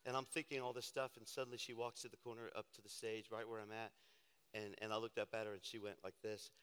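A low-voiced man preaches in a church auditorium, his bright, resonant voice carried by long hall reverb. He tells a personal story with lively, self-deprecating humor before he turns to scripture. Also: quick pace, clean tone. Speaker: pastor.

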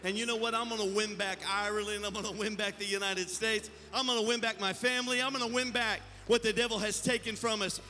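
A man's voice: high-pitched, fairly even intonation, quick pace, hardly any pauses, bright, forceful tone. A male pastor leading worship and preaching a fervent sermon, exhorting the congregation in a church sanctuary. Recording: long church-hall reverb, faint music behind.

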